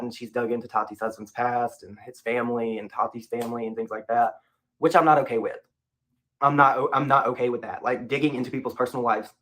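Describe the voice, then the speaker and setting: A man's voice: mid-range voice, a bit bright. A man speaking off the cuff as a commentary YouTuber, emphatic and repeating his points. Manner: casual, emphatic, repeats himself.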